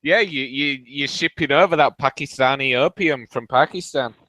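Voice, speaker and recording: Man, bright and forceful, dry close sound; teasing interrogator in casual chat. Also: medium pitch, moderate pace, dry recording. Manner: mocking, interrogating, laughing. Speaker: voice chat participant.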